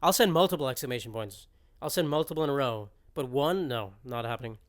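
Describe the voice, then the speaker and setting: Young man, podcast host, casual rant, smooth, mid-pitched, exaggerated and jokey. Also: lively intonation, fast talker. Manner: rambling, jokey, exaggerated rants. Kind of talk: casual solo podcast monologue.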